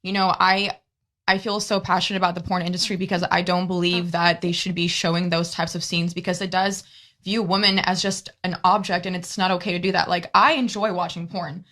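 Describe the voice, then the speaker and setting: A woman's voice: on the low side, little pitch movement, brisk, fairly bright tone. A woman interviewing a guest, speaking earnestly and passionately in long run-on sentences.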